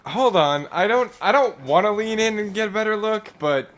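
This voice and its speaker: A man's voice: high-pitched, lively intonation, moderate pace, a bit bright. A man co-hosting a podcast, joking and laughing through casual banter. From Illinois. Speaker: podcast co-host.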